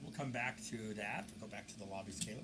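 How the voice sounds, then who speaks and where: A man narrating security camera footage as a video commentator, telling the story in a lively way with mocking asides. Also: on the low side, fast, background noise.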